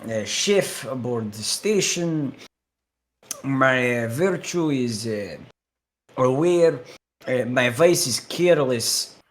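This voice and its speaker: A man putting on a deadpan Russian space chef. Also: mid-range voice, close to an everyday voice. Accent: put-on Russian. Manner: broken English, deadpan mock-solemn. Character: male Russian chef astronaut, patriotic joker. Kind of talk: tabletop role-play, character introduction.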